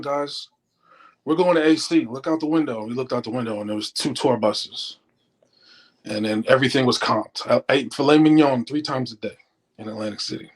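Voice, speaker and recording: In a low-quality recording, a middle-aged man with a fairly high voice, a former stockbroker, tells stories as an interview guest. He's an animated storyteller, acting out what people said in a casual way.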